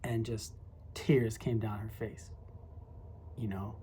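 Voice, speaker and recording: Middle-aged ex-teacher, casual storytelling, reflective, rambling with asides, mid-pitched voice. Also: little pitch movement, slow, warm tone, a little hiss or hum. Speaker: former high school teacher.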